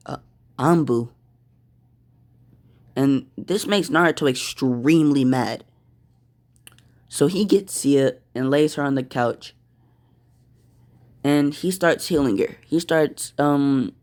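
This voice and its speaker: A man telling an improvised fan story, slow and halting, with fillers. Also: mid-range voice, darkish tone.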